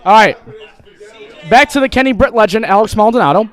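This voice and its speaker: A man's voice: sits high, expressive, fairly quick. A man hosting a live fantasy football draft, teasing the participants with playful banter on a wired mic. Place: large indoor hall with crowd. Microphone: wired handheld mic. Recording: echoey hall with loud crowd.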